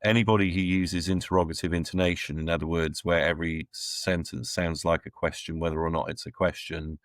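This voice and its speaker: Blunt, deep-voiced man giving opinions. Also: steady tone, a little fast, no echo. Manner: opinionated, blunt, wry asides. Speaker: guest. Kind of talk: conversational interview answers.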